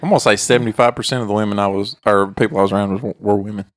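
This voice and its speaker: Low-voiced man, teasing. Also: steady tone, racing, no room sound. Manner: teasing, dry comebacks. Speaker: podcast co-host. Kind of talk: casual chat. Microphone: studio microphone.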